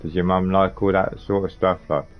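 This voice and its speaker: A man with a very low voice rambles through live gameplay commentary, chatting to viewers by name. The sound is a little muffled and lo-fi, with faint game music underneath. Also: fairly even intonation, normal speed. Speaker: game streamer. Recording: slightly muffled lo-fi stream audio.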